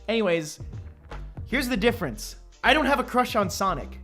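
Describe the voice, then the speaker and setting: A man chats casually with his viewers while he draws on a stream. He rambles, laughs often and restarts his sentences in a fairly high voice. Faint music plays quietly behind him. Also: animated, moderate pace. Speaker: artist streaming his drawing. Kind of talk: casual livestream chat, answering chat. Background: faint background music.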